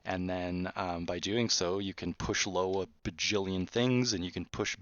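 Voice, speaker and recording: A man's voice: deep voice, fairly even intonation, unhurried, no echo. A man, a game developer, explaining his work in a casual, rambling behind-the-scenes talk full of restarts. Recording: dull, muffled, dry sound.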